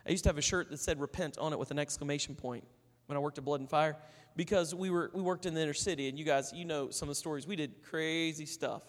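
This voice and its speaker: A man's voice: on the high side, fast, few pauses, long reverb tail. A man preaching a sermon in a conversational way, telling stories and acting out the people in them. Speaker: pastor.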